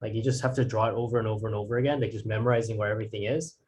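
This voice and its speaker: A man's voice: on the low side, steady tone, racing, darkish tone, slight background noise. A man teaching drawing in a casual, rambling way, restarting sentences and using fillers. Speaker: art instructor.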